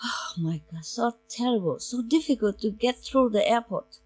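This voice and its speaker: A woman's voice: on the high side, lively intonation, moderate pace, a little mellow, soft background music, low-quality recording. A woman spiritual teacher giving an informal, chatty talk to her disciples in broken English grammar, laughing often.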